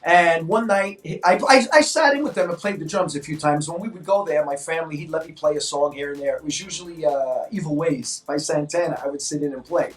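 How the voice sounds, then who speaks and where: Man, 60s, from New York, animated storyteller, echoey room, faint music behind. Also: fairly high pitch, brisk, few pauses. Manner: animated, acts out quoted voices. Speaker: co-host telling stories. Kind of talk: casual storytelling. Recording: echoey room, mic at a distance.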